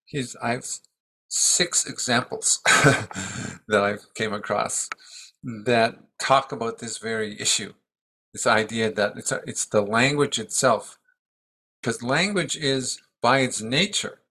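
Older male teacher, 70s, bright clear tone, reflective, pausing speech. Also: mid-range voice. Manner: thoughtful, halting, restarts often. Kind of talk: reflective dharma talk.

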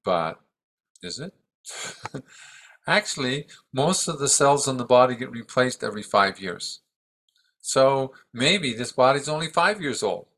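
A man in his seventies giving a reflective talk on the self, thoughtful and halting, often restarting his sentences. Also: mid-range voice, fairly bright tone. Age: 70s.

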